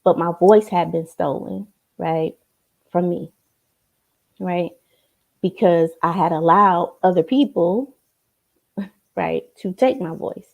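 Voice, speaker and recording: A woman's voice: on the low side, slow, vocal fry, long pauses, narrow, tinny audio. A woman giving a motivational coaching talk to a computer camera, emphatic and checking in often with tag questions. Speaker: life coach.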